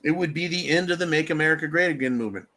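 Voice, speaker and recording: Bright-voiced, swearing, angry male streamer. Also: on the high side, rapid-fire. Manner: angry, heavily profane; reads out and thanks viewer donations. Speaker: livestream host. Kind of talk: political rant on a live stream.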